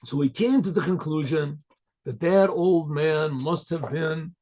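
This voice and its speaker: A man, a rabbi, telling a folk story in a rambling way, often clearing his throat and restarting. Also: on the high side, a little slow, warm tone. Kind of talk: oral storytelling.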